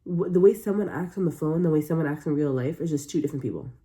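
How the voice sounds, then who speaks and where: A woman's voice: low voice, fast talker, mellow. A woman hosting a reaction video, talking casually to viewers in an exclamatory, incredulous way.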